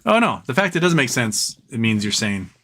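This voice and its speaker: A man's voice: medium pitch, very animated, moderate pace, a bit bright, slight background noise. A man hosting a late-night livestream, chatting casually in a rambling, profane way and chuckling at his own jokes. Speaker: livestream host.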